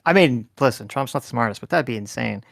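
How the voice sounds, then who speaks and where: A man's voice: medium pitch, animated, fast, vocal fry, no room sound, studio quality. A man co-hosting a casual livestream, reading out donor messages and reacting to them bluntly. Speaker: co-host reading donations.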